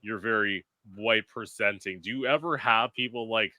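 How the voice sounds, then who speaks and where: A male podcast host chatting casually, telling animated stories and swearing freely. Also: fairly low pitch, moderate pace, no room sound. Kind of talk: casual chat.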